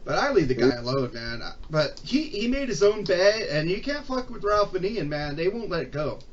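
A man with a high voice tells his side of a story in heated, profanity-laced casual chat. He sounds distant from the mic over a muffled line with a faint hiss behind him. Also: big pitch swings, normal speed. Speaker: podcast guest.

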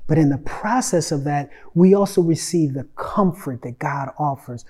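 A man preaching a sermon as pastor, swinging from loud emphatic lines to soft, hushed asides and repeating phrases for emphasis. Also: a little high, normal speed. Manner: repeats phrases for emphasis, addresses listeners with "Listen".

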